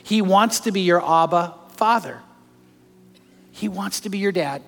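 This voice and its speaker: A pastor preaching a sermon to a congregation, his voice going from loud storytelling down to soft, hushed appeals. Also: high-pitched, measured pace, gravelly. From California. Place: large church hall. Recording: long hall reverb.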